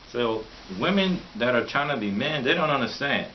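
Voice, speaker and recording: A man's voice: medium pitch, animated, a little slow. Man, vlog rant, rambling, mocking, laughs a lot, muffled lo-fi sound. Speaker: vlogger. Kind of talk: opinionated monologue. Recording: dull lo-fi recording with faint hiss.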